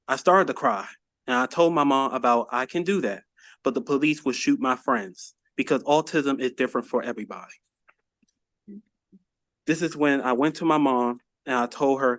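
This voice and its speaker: A man's voice: mid-range voice, a bit bright, no room sound. A young man giving prepared testimony at a committee hearing, reading carefully into a desk microphone. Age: young adult. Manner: reads carefully, some plain grammar slips. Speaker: witness testifying. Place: hearing room.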